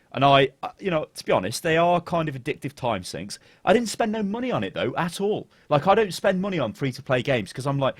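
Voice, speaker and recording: British male podcast host, animated and rambling, dry close sound. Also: medium pitch, no room sound. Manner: rambling, lively, swears, trails off and restarts. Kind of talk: casual gaming podcast chat.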